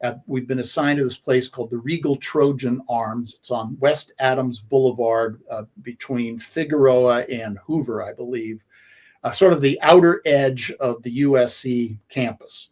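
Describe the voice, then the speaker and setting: A man in his sixties, a sports radio co-host, reminiscing at length in a halting way with many fillers. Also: medium pitch, darkish tone. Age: 60s. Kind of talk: conversational storytelling.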